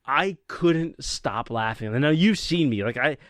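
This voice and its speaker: A man hosting a podcast, telling work stories to an old friend in an animated, easily amused way. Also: medium pitch, measured pace, no echo, clean studio sound. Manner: animated storyteller, laughs easily. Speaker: podcast host. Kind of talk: casual chat between old friends.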